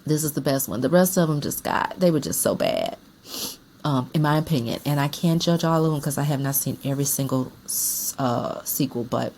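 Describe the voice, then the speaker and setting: A woman's voice: low voice, fairly quick, a little mellow, a little hiss or hum. A woman chatting casually about her movie collection as a vlogger, emphatic and repeating herself for effect. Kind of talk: casual chat about films.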